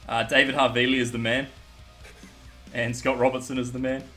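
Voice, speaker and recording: A man's voice: mid-range voice, flat delivery, a little fast, pushed and bright, soft background music. A young man, giving blunt, casual rugby opinions with swearing and frequent laughs. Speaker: guest pundit.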